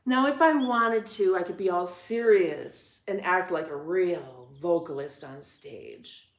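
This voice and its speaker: A woman's voice: fairly low pitch, roomy sound. A middle-aged woman hosting a livestream, chatting casually with viewers and joking about herself between song requests. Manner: playful, self-mocking, quick asides.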